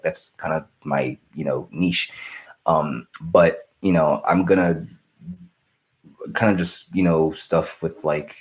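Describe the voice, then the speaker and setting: Hosting a live stream, a young man replies to viewer questions loosely and ramblingly, often restarting and leaning on fillers. He has a low-pitched voice.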